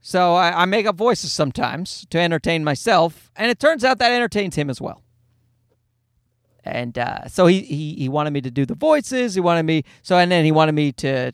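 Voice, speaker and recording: A man's voice: on the high side, clear, resonant tone, dry recording, studio quality. A man, a father, casually telling a rambling, self-mocking anecdote in a jokey monologue.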